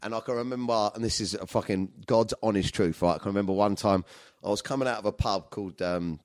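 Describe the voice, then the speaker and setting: Low-voiced swearing man telling stories. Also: fast, no echo, clean studio sound. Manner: swears a lot, laughs while telling stories. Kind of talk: casual storytelling chat.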